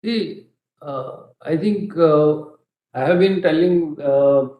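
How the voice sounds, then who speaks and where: A male company executive responds to analysts on an earnings call, measured yet full of filler pauses and self-corrections. His voice sits on the high side, and the recording is roomy and muffled.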